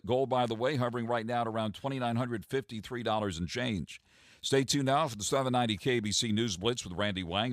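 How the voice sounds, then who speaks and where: A man hosting a radio money show, interviewing a caller and reading market numbers, often repeating words and pausing with uh. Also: lowish voice, no echo, studio quality. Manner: halting, repeats words with frequent uh. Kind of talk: radio business talk and market report. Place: radio studio.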